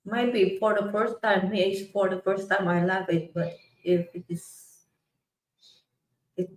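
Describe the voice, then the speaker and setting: A woman chatting casually beside the host, laughing often and speaking in halting English. She talks slowly. Her voice carries a roomy echo. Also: medium pitch, steady tone, distant mic. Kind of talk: casual chat.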